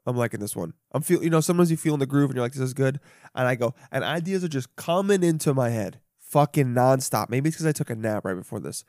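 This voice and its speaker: A man's voice: mid-range voice, expressive, quick pace, a little mellow, no echo, clean studio sound. A young man hosting a solo podcast, rambling and swearing freely, with self-mocking asides. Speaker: podcast host. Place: home.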